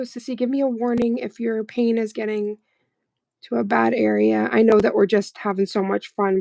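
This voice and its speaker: A woman's voice: fairly high pitch, level tone, normal speed, creaky, mellow, no room sound, rough recording. A woman hosting a casual livestream, chatting playfully and laughing often while doing nail art. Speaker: livestream host.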